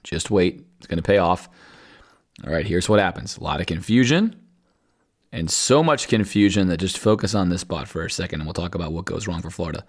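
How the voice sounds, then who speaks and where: Guy with a deep voice walking thru football film, chatty and analytical. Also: lively intonation, fairly quick. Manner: conversational, analytical, talks the viewer through plays. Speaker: podcast host.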